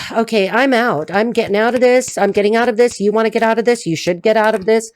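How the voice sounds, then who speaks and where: A woman's voice: fairly high pitch, a little fast, no room sound, clean studio sound. A woman from the United States giving a chatty, blunt tarot reading, swearing freely as she talks. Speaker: tarot reader. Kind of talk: casual solo tarot reading to camera.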